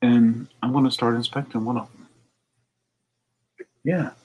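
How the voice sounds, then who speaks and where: Sorting through used CDs in his record shop, a man from the United States vlogs casually for viewers, wandering off topic and mumbling remarks to himself. He speaks unhurriedly in a level, mid-range voice, with the highs cut off.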